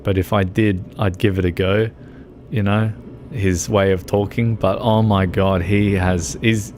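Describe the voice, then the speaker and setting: A man's voice: lowish voice, little pitch movement, a little slow, a little mellow, a little hiss or hum. A man streaming a game who chats casually, rambles and laughs often.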